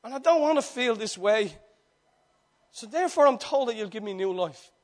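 A man in his forties delivers an impassioned sermon in a strikingly high voice. He swings from loud, urgent appeals down to near-whispered confessions, often driving a point home with repetition. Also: lively intonation, normal speed. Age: 40s. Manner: repetitive rhetorical preaching. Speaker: preacher.

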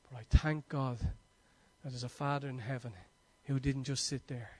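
A man with an Irish accent preaching a sermon, telling stories with passion and swinging between loud and hushed delivery. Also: mid-range voice, level tone, unhurried.

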